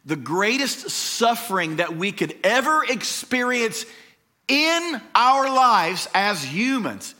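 A male pastor preaching a sermon, reading scripture and swinging between hushed, measured lines and loud, emphatic declarations. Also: high-pitched.

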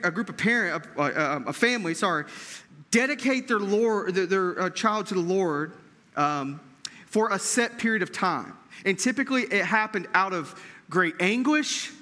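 A man's voice: high-pitched, pushed and bright, big-room sound. A man preaching a sermon as pastor, earnest, with frequent restarts and rhetorical questions.

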